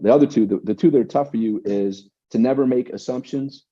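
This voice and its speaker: A man's voice: medium pitch, fairly quick, dark tone. A man telling stories as an interview guest, emphatic and repeating words as he talks. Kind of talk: conversational interview. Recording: dull lo-fi sound.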